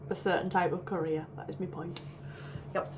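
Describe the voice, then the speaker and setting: A woman hosting a podcast, chatting casually with lively reactions. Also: lowish voice, normal speed, muffled recording, noisy background. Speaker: podcast host. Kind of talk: casual chat.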